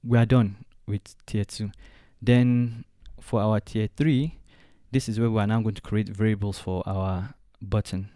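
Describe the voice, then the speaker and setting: Man, software tutorial walkthrough, mellow, dry close sound, thinks aloud. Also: lowish voice, fairly even intonation, unhurried, dry recording. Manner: thinking aloud step by step, with fillers. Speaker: design tutorial host. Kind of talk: screen-recorded software tutorial.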